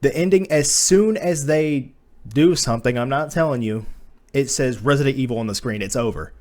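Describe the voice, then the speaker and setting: A man's voice: medium pitch, moderate pace, darkish tone. A man giving a casual spoken movie review, blunt and profane, slipping into exasperated rants.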